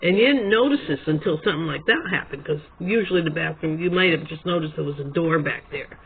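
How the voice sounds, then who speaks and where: A man's voice: on the high side, fast talker, gravelly, breathy edge. A man telling a long, digressive story to his camera at home, chatty and prone to correcting himself. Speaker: video blogger. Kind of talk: rambling storytelling monologue. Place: room at home with a quilt behind him. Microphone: camera at his desk. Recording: tinny phone-like sound.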